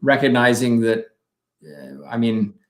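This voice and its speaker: A man's voice: medium pitch, lively intonation, a little slow. Hesitant male co-host in an echoey room. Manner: hesitant, repeats words. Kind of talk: casual talk show chat. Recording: roomy echo.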